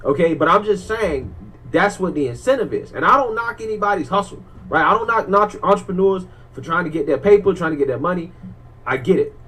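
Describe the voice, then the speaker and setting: A man in a played clip, calmly explaining his view in casual commentary. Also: high-pitched, fairly quick, husky, low-quality recording.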